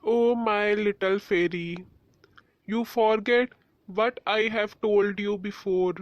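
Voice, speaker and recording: Woman voicing a calm, loving father figure. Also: mid-range voice, takes it slowly, dry recording, highs cut off, natural voice. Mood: tender.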